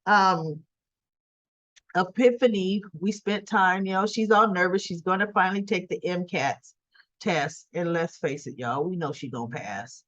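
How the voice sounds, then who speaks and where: A woman's voice: medium pitch, dull audio. A woman giving a chatty, casual daily recap of a soap opera episode. She laughs often and acts out the characters' lines.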